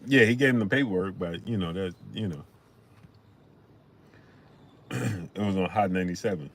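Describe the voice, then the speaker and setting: Man, live-stream host, fairly low voice, casual boxing talk, greets the chat. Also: normal speed. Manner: shouts out chat names, chatty and animated.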